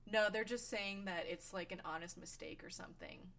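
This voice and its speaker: A woman in casual chat recapping a TV show, animated and laughing, acting out quotes. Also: medium pitch, moderate pace. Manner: animated, laughing, acts out quotes in funny voices.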